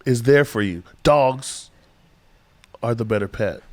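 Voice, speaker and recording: A man's voice: mid-range voice, takes it slowly. A male podcast co-host making his case in a casual mock debate, with earnest, sing-song speechifying.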